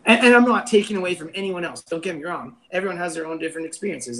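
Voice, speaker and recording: A man's voice: high voice, fast talker, a bit bright, soft background music, poor audio. A laid-back man, chatting casually as a brewery owner on a video call. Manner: laid-back, says "man" often, laughs easily. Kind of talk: casual interview chat.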